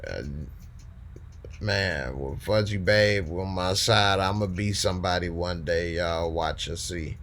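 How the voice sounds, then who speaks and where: Low-voiced dude hosting a live stream, slow and easygoing, talks slang. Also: male voice, fairly bright tone. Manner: laid-back, slangy, reading out viewer comments. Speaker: host of a live call-in show. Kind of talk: casual live-stream chat.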